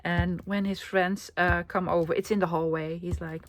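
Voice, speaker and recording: There's background noise as a young woman crafts and talks to her viewers in a low, fairly even voice at normal speed with few pauses. She's playful, calls them love, and now and then lowers to a whisper in this easygoing craft vlog.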